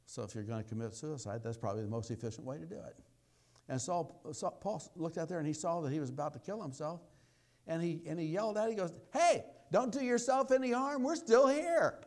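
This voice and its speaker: Telling a homespun story during his sermon, a medium-pitched male preacher shifts between hushed side remarks and loud outbursts.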